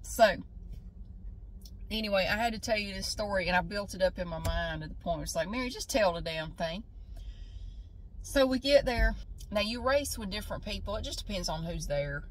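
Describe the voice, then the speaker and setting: A woman's voice: medium pitch, brisk, a little hiss or hum, low-quality recording. A woman, telling a funny story casually on a vlog and swearing freely. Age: 40s. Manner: animated, laughing, swearing freely. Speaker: vlogger. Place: outdoors at a beach.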